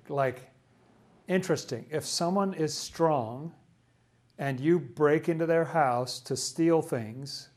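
Guy teaching a bible study, kinda high voice, really into it, keeps asking questions. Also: a little mellow. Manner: enthusiastic, asks questions as he explains. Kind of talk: casual Bible study commentary.

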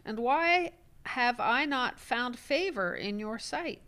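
A woman reading scripture aloud for a Bible study group. Her voice sits a little high for a woman. She reads clearly and expressively, giving the quoted speeches some feeling. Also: sing-song, takes it slowly, few pauses, a bit bright.

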